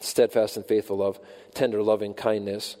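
Mellow-voiced preacher in a reverberant hall. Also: male voice, little pitch movement. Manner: rises in pitch and volume when quoting the psalmist's cries, slows for emphasis. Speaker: pastor. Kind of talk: sermon.

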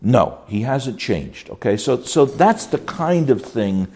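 A man, a pastor, teaching a counseling class in a lively, stop-and-start lecture style, often repeating words as he goes. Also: mid-range voice. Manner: animated, repeats words while searching for phrasing; reads scripture aloud slowly.

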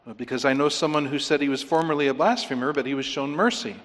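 A man preaching with emphasis, his voice sitting a little high for a man. He counts off numbered points and keeps asking the congregation questions. His words ring out with a long reverb, as in a church hall. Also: fast, fairly bright tone. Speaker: pastor. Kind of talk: sermon.

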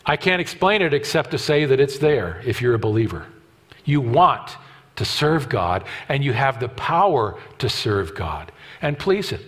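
A man in his fifties preaching a sermon, emphatic and repetitive, swinging from loud declarations to hushed asides. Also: mid-range voice, sing-song, measured pace, husky. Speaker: pastor.

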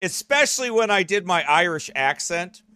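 A man hosts a loose, rambling broadcast. He talks in a fairly high, tense voice and laughs often. The sound is dry, with no room echo. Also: expressive, moderate pace, sharp tone, smooth. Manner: rambling, repeats "okay?" and "right?"; laughs often while talking. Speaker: host.

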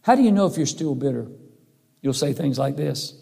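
A man's voice: fairly high pitch, animated, moderate pace, gravelly, mellow, slightly rough. A middle-aged man preaching a sermon in an earnest, folksy, emphatic way. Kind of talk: sermon with personal story.

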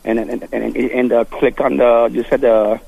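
A man's voice: medium pitch, little pitch movement, normal speed, gravelly, husky, no echo, narrow, tinny audio. A man calling into a Bible radio show who hesitates, repeats words and readily agrees with the host. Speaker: radio caller. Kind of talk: phone call to a radio show.

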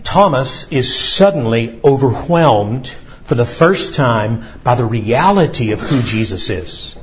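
A man preaching a sermon as pastor, reading scripture with emphatic pauses and a lively delivery. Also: mid-range voice, highs cut off, slight background noise.

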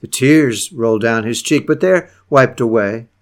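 Male preacher at mid pitch, emphatic sermon delivery, soft phrase endings. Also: animated, measured pace.

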